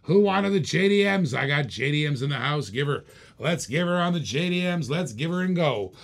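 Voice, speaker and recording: Male auction host, live-stream sales patter, hyped and repetitive, slightly high, gravelly. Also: expressive, normal speed.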